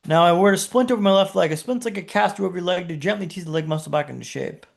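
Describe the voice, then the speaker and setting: A man with a notably high voice and a gravelly, fried edge tells a personal story as a podcast guest. He builds tension with short punchy phrases and rhetorical questions. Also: fast.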